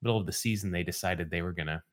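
A man with a fairly low voice hosts a casual podcast chat. He lays out history in a relaxed, storytelling way. He drops dry, wry asides along the way. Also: racing. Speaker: podcast host.

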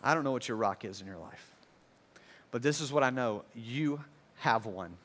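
A man's voice: medium pitch, lively intonation, moderate pace, a bit bright. A pastor preaching a sermon to a congregation at a church service, earnest and repetitive, building emphasis as he goes.

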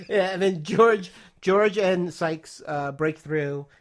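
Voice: medium pitch, slow. A podcast co-host retelling TV scenes in a casual, rambling way with many fillers. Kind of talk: casual chat about a TV show.

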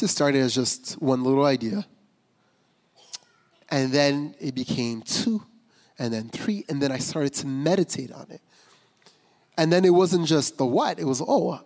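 Pastor type, male, slightly higher register, talks loosely and frankly, recorded in an echoing sanctuary. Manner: candid, conversational, many fillers and restarts. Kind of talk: personal testimony sermon. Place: church sanctuary. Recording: long reverb of a large hall.

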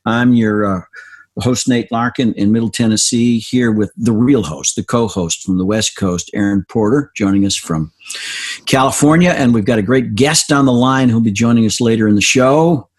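A man's voice: medium pitch, moderate pace, husky. A man hosting a podcast in casual chat, joking and bantering playfully. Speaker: podcast host. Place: Middle Tennessee.

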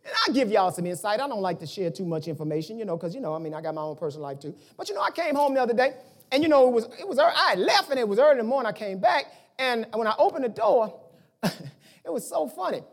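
Male preacher with a high, lively voice who slips into folksy talk and sudden shouts. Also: fast. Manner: animated, colloquial, bursts into shouts. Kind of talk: sermon.

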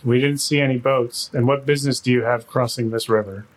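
A man's voice: medium pitch, steady tone, brisk, natural voice. Dude doing a grumpy bandit guy, short clipped threats, wants you gone. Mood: hostile. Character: curt male river bandit, hostile and terse. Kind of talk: tabletop role-play in character.

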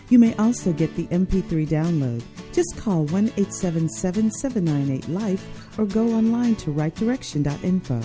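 Low-voiced woman announcing an offer. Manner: calm, clearly read voice-over. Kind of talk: product announcement. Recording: voice-over with guitar music.

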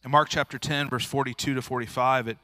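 A man's voice: mid-range voice, steady tone, quick pace, pushed and bright, no echo. A male pastor preaching a sermon in a plain-spoken, earnest, informal way, restarting phrases often. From rural area.

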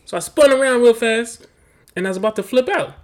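A man co-hosting a casual podcast, telling family stories with animated, acted-out voices. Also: very high-pitched, a little fast. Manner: animated storyteller who acts out voices. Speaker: podcast co-host and father. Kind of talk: casual chat.

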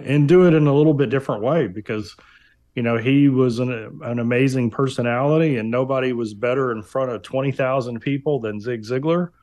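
A man speaking as a guest on an interview podcast, reflecting in a measured way with frequent fillers and repeated words. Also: mid-range voice, darkish tone. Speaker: guest, business owner. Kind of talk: interview conversation.

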